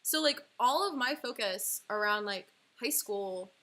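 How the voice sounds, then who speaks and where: A woman's voice: medium pitch, expressive, unhurried, pushed and bright. A young woman in her twenties chatting on a livestream, telling a personal story in a casual, emotional way full of "like". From California. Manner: chatty, heavy use of "like", emotional, breaks into laughs. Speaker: livestream artist and host.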